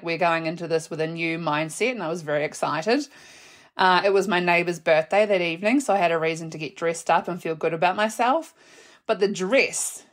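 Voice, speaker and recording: A young adult woman, hosting her own podcast and telling a personal story in a chatty, animated way, laughing and swearing casually. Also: lowish voice. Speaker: podcast host.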